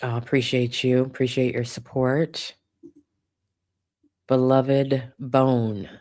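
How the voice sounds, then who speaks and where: A woman's voice: very deep voice, flat delivery, takes it slowly. Chatty woman livestream host. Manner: warm, chatty, swears casually. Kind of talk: casual livestream chat, reading viewer donations.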